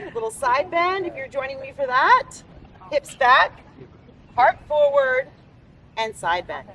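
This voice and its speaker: A woman's high-pitched, bright, forceful voice delivers upbeat, encouraging cues as she leads a live beach workout class. The recording comes from a distant outdoor mic with faint background noise.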